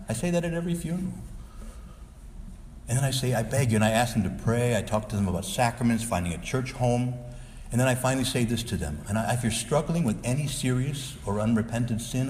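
A man's voice: on the low side, a little mellow, in a large hall, slight background noise. A male Catholic priest preaching a sermon, earnest and exhorting, sometimes pleading with his listeners.

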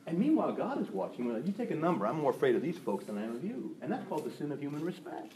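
A male preacher delivering a sermon in an animated way, acting out quick voices of people he describes. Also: a little high, a little hiss or hum. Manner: animated, acts out gossiping voices.

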